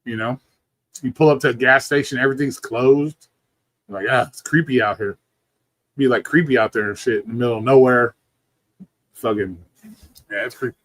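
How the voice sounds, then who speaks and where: A man's voice: medium pitch, normal speed, long pauses, fairly bright tone, dry recording. A man hosting a livestream, chatting casually from home in a rambling, profane, laid-back way, sounding sleepy. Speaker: livestream host. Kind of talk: casual chat.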